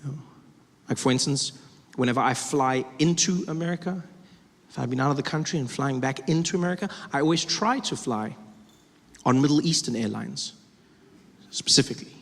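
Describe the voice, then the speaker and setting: A man doing stand-up comedy, telling a story with animated, self-mocking delivery on a theater stage. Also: medium pitch, fairly quick. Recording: echoey hall with loud crowd. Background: audience laughter.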